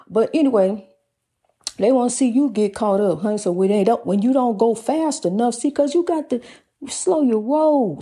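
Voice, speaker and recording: A woman's voice: on the high side, dark tone, husky. A woman hosting a faith talk program, telling folksy stories and calling the listener honey. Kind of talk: casual preaching talk.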